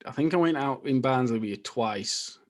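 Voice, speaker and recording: Man in his thirties, middle-pitched, rambling casual co-host. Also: normal speed. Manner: easygoing, rambling, trails off. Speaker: podcast co-host. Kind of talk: casual chat.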